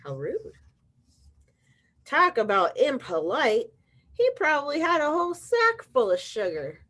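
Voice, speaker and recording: A woman's voice: high voice, huge pitch swings, unhurried, a bit bright, voice pushed up, full character voice. A woman reading aloud as a sneezy, self-pitying male wolf telling his side of the story, with wry storybook asides.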